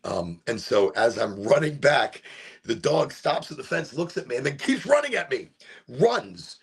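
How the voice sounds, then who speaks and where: A middle-aged man from Chicago telling a rambling story on a live stream, animated and swearing, with sudden shouts when he acts out voices. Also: mid-range voice, normal speed. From Chicago, USA. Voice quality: gravelly and husky. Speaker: streamer hosting a smoke session.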